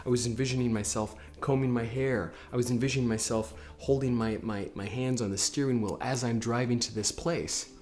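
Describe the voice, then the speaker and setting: A man giving a motivational lesson on public speaking, energetic and often repeating his words. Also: mid-range voice, a little fast, few pauses. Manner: energetic, repeats words, acts out chanted affirmations. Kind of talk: motivational talk to camera.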